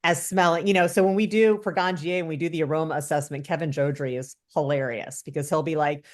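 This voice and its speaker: A woman's voice: low voice, steady tone, quick pace. A woman guest on a casual podcast, explaining things and quoting others with animation. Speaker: guest cannabis educator.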